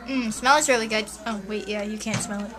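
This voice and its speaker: A woman's voice: mid-range voice, fairly even intonation, brisk. A teenage girl chatting casually on her own vlog, giggly and chatty. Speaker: vlogger. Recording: noisy home camera audio.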